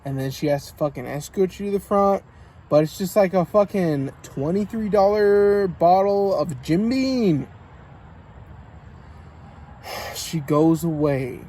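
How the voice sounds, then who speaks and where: A man's voice: sits high, a little mellow. An American man telling a rambling, profane story in a casual vlog while drinking and coughing. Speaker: vlogger.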